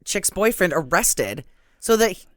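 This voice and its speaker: A woman's voice: lowish voice, sing-song, a little slow, no room sound, clean studio sound. Blunt woman mocking a movie. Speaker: podcast co-host. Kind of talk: casual movie review chat.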